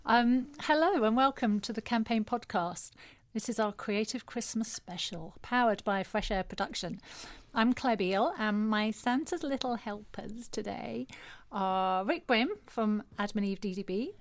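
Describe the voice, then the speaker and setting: A woman hosting a podcast, chatting casually with guests, laughing easily and pausing on frequent ums. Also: on the high side, expressive. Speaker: podcast host. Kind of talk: casual chat.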